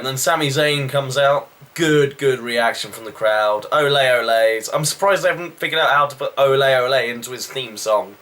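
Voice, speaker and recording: A man recapping a wrestling show in a casual, rambling review with quick asides. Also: mid-range voice, a bit bright.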